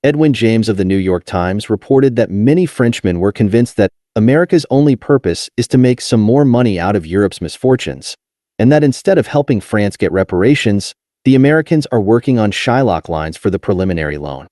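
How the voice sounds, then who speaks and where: A man reading a nonfiction history audiobook in a measured, steady way, with deliberate pauses. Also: lowish voice, no room sound, clean studio sound. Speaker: audiobook narrator. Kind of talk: scripted nonfiction narration.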